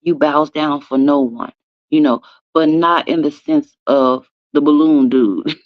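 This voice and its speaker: A woman's voice: sits low, no echo. A woman, hosting a casual morning chat and talking emphatically to her listeners. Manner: chatty, emphatic, drawn-out stresses, calls listeners "y'all" and "baby". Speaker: host. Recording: dry, slightly dull sound.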